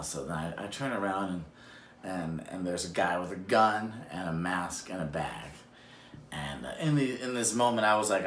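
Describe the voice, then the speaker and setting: A man telling a personal true story on a self-recorded video, acting out quotes with sudden jumps in pitch. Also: normal speed. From Madison, Wisconsin area. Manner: animated, acts out quotes with big pitch jumps. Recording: echoey room with faint noise.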